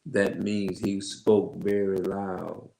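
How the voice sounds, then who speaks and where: A man with a heavy, loud voice reads Bible verses slowly and emphatically, stopping to explain them in his own words as an online religious teacher. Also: deep voice, flat delivery, creaky, reverberant, slight background noise, low-quality recording. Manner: slow, emphatic, repeats himself. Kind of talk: Bible reading with loose commentary.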